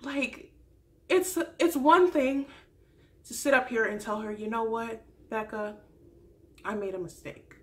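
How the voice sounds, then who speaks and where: A young woman vlogging a casual recap, animated and exasperated, acting out quoted lines in other voices. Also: a little high, unhurried. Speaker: vlogger recapping a reality show.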